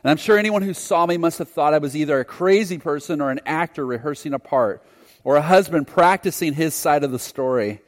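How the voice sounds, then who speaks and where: A man's voice: a little high, brisk. A male preacher telling a personal story in a sermon, earnest and reflective. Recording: long hall reverb.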